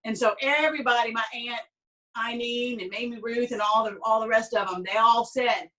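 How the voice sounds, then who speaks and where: A woman's voice: on the high side, steady tone, moderate pace, bright, forceful tone. A woman with a Southern American accent teaching a cooking class, talking in a folksy, chatty way with many fillers. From Southern United States. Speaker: cooking instructor. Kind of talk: cooking class with family storytelling. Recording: voice a bit distant from the mic.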